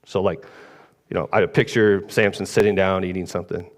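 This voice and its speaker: This preacher's voice is low and fairly even, moving a little fast through a chatty, rambling sermon in a big church hall. He regularly turns to the congregation with "right?"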